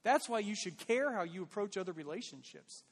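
A man's voice: sits high, lively intonation, a little fast, long reverb tail. A man preaching a sermon as pastor, earnest and conversational, pleading with his listeners.

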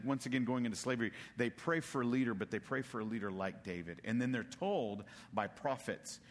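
A man's voice: mid-range voice, big-room sound. A man from Texas preaching a casual sermon, telling stories and acting out the characters in funny voices. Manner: animated storytelling, acts out characters with voices.

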